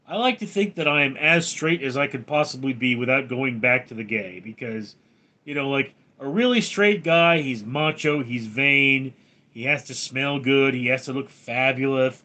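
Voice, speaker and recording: A man's voice: mid-range voice, moderate pace, sharp tone. A man hosting a livestream, reading viewers' names and questions aloud and answering them with jokes. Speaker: livestream host. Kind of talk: casual livestream chat reading.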